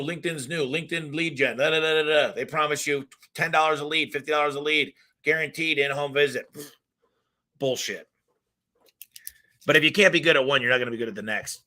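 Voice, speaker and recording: A man hosting a live question-and-answer stream, giving blunt, emphatic business advice and acting out little customer stories. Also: on the high side. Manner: energetic, emphatic, blunt, with acted-out customer quotes; talks fast by his own account.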